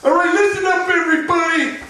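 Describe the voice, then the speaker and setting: A man's voice: extremely high pitch, steady tone, fairly quick, pushed and bright, voice pushed up. A man playing a pompous male officer who blusters at a crowd in a stand-up bit, recorded from far off in an echoey room. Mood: blustering. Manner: blustering, showy old-fashioned words. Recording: echoey, distant, noisy live room.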